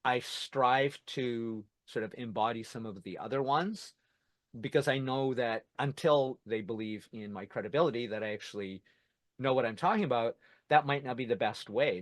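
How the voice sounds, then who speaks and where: A man's voice: mid-range voice, no echo. Podcast host, male, reflective and thinking aloud, plain mid voice, dry sound. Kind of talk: conversational interview.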